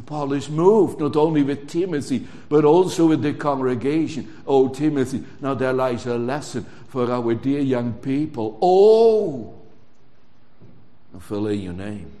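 A man preaching a sermon in English, stressing words strongly and drawing phrases out. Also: medium pitch. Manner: emphatic, drawn-out preaching with sudden loud stresses. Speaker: pastor.

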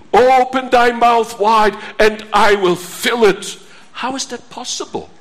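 Slow, high-voiced earnest male preacher. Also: a bit bright. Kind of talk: sermon.

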